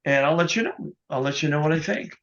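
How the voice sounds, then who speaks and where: A man being interviewed as a guest musician, telling an anecdote in a casual, animated way, often adding "you know". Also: on the high side, fast, muffled recording. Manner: animated anecdote teller, quotes others, many "you know"s.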